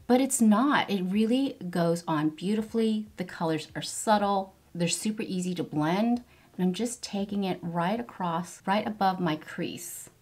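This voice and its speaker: A woman's voice: mid-range voice, darkish tone, husky. A woman in her fifties doing a get-ready-with-me makeup tutorial, gushing enthusiastically over each product as she applies it. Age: 50s. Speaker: beauty vlogger.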